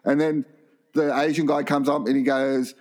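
A man's voice: mid-range voice, moderate pace. An Australian man telling a comic story on a podcast, animatedly acting out the people in it. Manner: animated, acts out characters in the story. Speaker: podcast co-host.

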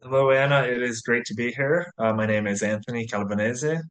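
A man in his thirties from the US, relaxed and chatty as an interview guest, full of "you know"s. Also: medium pitch, fairly quick, reverberant. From US, near Atlanta. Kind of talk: casual interview.

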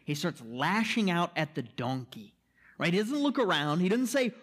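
A man's voice: sits high, very animated, a little slow, a bit bright. A man preaching a sermon as pastor, emphatic, posing rhetorical questions and checking in with the listeners. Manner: checks in with "right?" and "okay?".

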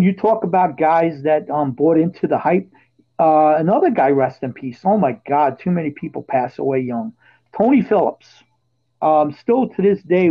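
A podcast host with a high voice tells stories in a casual chat, getting animated and loud whenever he quotes himself shouting. The audio sounds dull and lo-fi.

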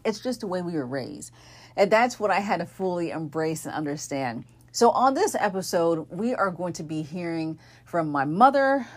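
Woman host, low voice, chatty delivery. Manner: conversational, many fillers and self-corrections. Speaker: podcast host. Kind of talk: casual monologue introducing an episode.

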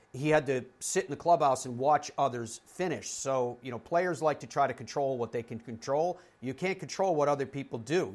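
A male golf show host recapping the weekend's events in a relaxed, conversational way. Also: medium pitch. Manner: conversational, loose recap with fillers. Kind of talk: recapping interviews on a talk show.

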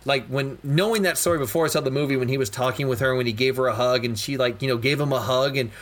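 A man's voice: mid-range voice, fast. A young adult man co-hosting a podcast, talking in an enthusiastic, rambling way and saying "dude" a lot. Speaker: podcast co-host. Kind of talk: casual chat.

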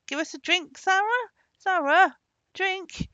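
Boisterous, greedy sea merchants, voiced by a woman reading a storybook shout their demands in a lively, swinging voice. The grain is slightly gravelly, and the recording is dull and lo-fi. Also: mid-range voice, brisk, no room sound, full character voice. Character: greedy seafaring male merchants.

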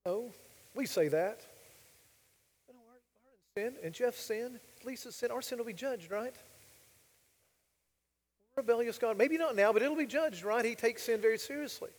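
A man's voice: very high-pitched, normal speed, pauses often, long reverb tail. A male pastor preaching a sermon, emphatic and full of rhetorical questions to the congregation.

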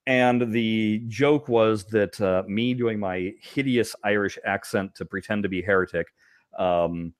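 A man's voice: lowish voice, measured pace, no room sound. A man co-hosting a podcast, telling old stories in a loose, laughing way with many restarts. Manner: animated storyteller, laughs often, many restarts. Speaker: podcast co-host. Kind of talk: casual reminiscing chat.

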